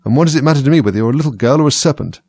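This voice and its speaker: A man voicing an anxious female pigeon guarding her nest, shrill and accusing. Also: rapid-fire, a little mellow, breathy edge, no room sound. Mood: contemptuous.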